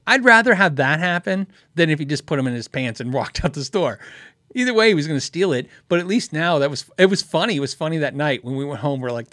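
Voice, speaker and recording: A man's voice: fairly high pitch, fast, dry recording, studio quality. A man from Tucson hosting a guitar question show, telling a story casually and laughing often. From Tucson, Arizona. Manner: animated, laughs often, acts out quotes.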